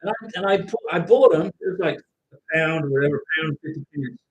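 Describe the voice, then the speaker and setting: A middle-aged man hosting a casual livestream, loudly reading out viewer comments and giving advice, at times yelling. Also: fairly high pitch, fast talker, husky, poor audio. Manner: loud, animated, at times yelling. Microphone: home microphone with interference noted by viewers.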